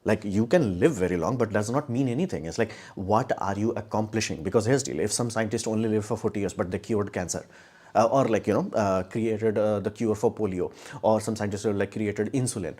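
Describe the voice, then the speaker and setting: In blunt, sarcastic live-stream commentary, a man with a fairly low, slightly mellow voice talks briskly. He rambles casually with many restarts and mocks views by putting them in put-on quotes.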